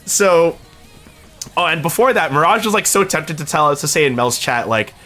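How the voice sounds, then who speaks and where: A man's voice: fairly high pitch, lively intonation, normal speed, sharp tone, faint music behind. A young man streaming, telling a long story in a casual, rambling way, swearing freely and laughing as he goes.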